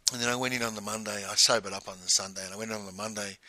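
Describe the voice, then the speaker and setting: A man's voice: on the low side, fairly even intonation, very fast, pushed and bright, dry recording, low-quality recording. A man, a former salesman, telling his own story frankly, with bursts of indignation. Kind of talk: candid personal storytelling.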